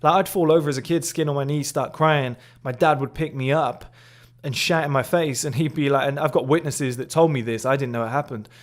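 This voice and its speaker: A cocky man in his twenties delivers a motivational monologue to young men. His talk is blunt and peppered with swearing. He sounds boastful and self-assured, at an ordinary pitch for a man. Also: brisk. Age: 20s. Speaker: men's lifestyle creator.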